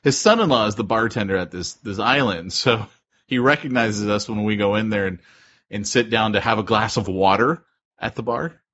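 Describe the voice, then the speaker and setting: Man, podcast co-host, husky voice, laughing storyteller, lo-fi sound. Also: lowish voice, fairly bright tone. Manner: laughing storyteller, quick asides. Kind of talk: casual chat, storytelling. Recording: dull lo-fi podcast audio.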